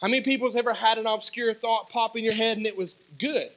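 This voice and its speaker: A man preaching a sermon as pastor, telling personal stories in an animated way and acting out the dialogue. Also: extremely high pitch, fast talker. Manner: animated storytelling, acts out dialogue, sudden loud shouts.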